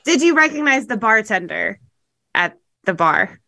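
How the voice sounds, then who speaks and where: A woman's voice: on the high side, very animated, measured pace, gravelly, sharp tone, dry recording. A woman co-hosting a podcast in casual chat, rambling with lots of fillers and laughs. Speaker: podcast co-host.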